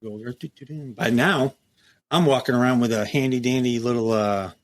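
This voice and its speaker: A middle-aged former prison captain, appearing as a guest in a casual interview, speaks in an ordinary mid-range voice at a fairly quick clip. He's a lively, blunt storyteller who swears freely and acts out other people's lines as he talks.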